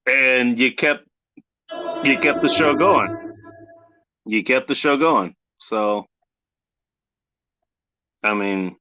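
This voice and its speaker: Brief: unhurried male host, bright tone, casual and profane. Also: mid-range voice, faint music behind, poor audio. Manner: relaxed, swearing, repeats himself. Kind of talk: casual chat.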